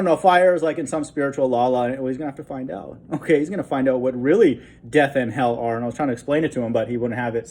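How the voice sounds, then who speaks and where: A man's voice: medium pitch, a little mellow, slightly rough. A man giving an informal Bible teaching, reading verses aloud and breaking in with frequent "okay?" asides and short chuckles. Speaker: online preacher.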